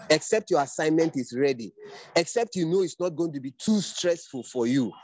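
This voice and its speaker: A man's voice: mid-range voice, darkish tone. A middle-aged man, lecturing his trainees on an online class call in an earnest, fatherly way. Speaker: training instructor. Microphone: video call.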